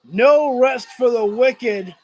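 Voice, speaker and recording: A man doing live watch-along commentary of a wrestling show, excitable, shouting and cursing at the action, sometimes tripping over his words. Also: very high voice, slow pace. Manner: rambling, stumbles over words.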